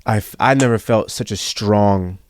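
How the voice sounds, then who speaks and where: A man's voice: fairly low pitch, normal speed, no echo, studio quality. A young man as a podcast guest, telling a personal story in casual, earnest talk, repeating himself and saying bro and yo. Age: young adult.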